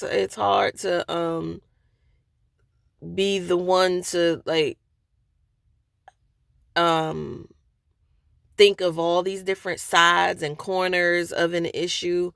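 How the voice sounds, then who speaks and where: A woman venting candidly to her viewers from a parked car, hesitant, with many pauses and restarts. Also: sits low, vocal fry, smooth, no echo, clean studio sound. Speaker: vlogger.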